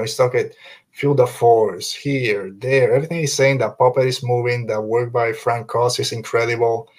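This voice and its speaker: A man with a mid-range voice hosts a casual fan podcast in a loose, conversational style. He talks earnestly and emphatically, repeating his points to drive them home.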